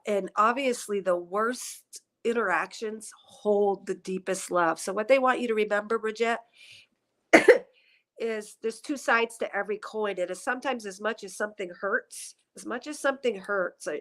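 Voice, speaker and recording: Wearing a headset mic, a woman gives a psychic reading, rambling through her impressions in an emotional, tearful way. Her voice has a medium pitch and a fairly bright tone, fitting a spiritual reading session.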